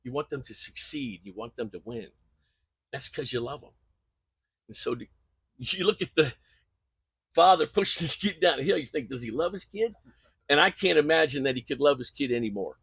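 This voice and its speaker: A man's voice: medium pitch, expressive, normal speed, vocal fry, long pauses, a bit bright, husky, no echo. An older man, a coach, telling stories in an earnest, emphatic way during an interview. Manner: earnest, emphatic storytelling with repeated phrases. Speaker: guest coach. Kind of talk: conversational interview.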